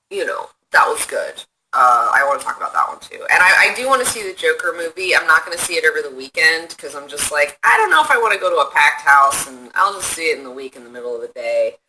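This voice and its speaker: A woman livestreaming from her phone, chatting casually and answering viewer comments in a profane, rambling, excitable way. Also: low voice, a little fast, a little hiss or hum, poor audio.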